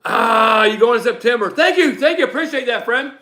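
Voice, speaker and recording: A livestream host and reseller chats with viewers in a loud, animated, brisk way, keeping things relaxed and easygoing. His voice sits high for a man, with a bright, forceful edge, and he answers questions as they come in.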